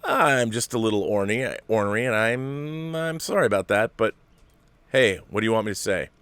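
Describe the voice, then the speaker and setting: A man's voice: on the low side, lively intonation, normal speed, a bit bright, clear, resonant tone, dry recording. A man in his forties hosting a casual livestream, reading viewer letters and answering them in a rambling, self-correcting way. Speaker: host.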